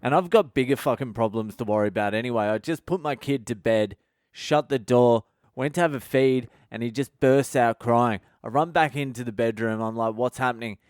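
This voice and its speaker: A man talks straight into the mic in a casual, profanity-heavy comedic monologue, ranting and storytelling as a podcast host. His voice is smooth and full at a middling pitch. The sound is dry and close, with no room echo. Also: normal speed, darkish tone.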